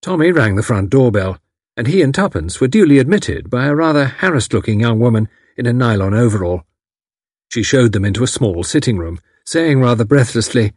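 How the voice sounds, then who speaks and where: Male audiobook narrator; lively pitch, husky tone. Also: fairly quick, no room sound, studio quality. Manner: lively, expressive reading.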